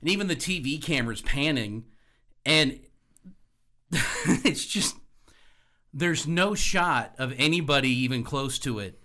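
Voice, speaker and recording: A man's voice: on the high side, animated, unhurried, long pauses, pushed and bright. A man co-hosting a sports radio show, telling a story animatedly and laughing as he talks. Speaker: radio co-host.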